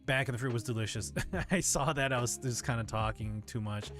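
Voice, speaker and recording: Over soft background music, a man with a medium-pitched, fairly bright voice talks briskly on his livestream. He reads out viewer comments and answers them candidly and conversationally, swearing now and then.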